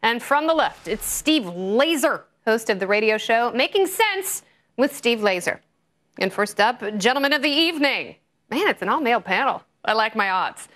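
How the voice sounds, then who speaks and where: A woman's voice: on the high side, very animated, normal speed, fairly bright tone. A woman hosting a TV panel show, flippant and joking as she moderates. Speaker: talk show host.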